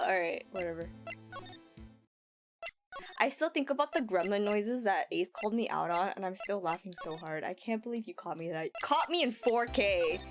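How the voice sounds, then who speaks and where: A young adult woman streaming a game in casual chat, animated and giggly, swearing freely into a desk microphone. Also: medium pitch, a little fast, soft background music.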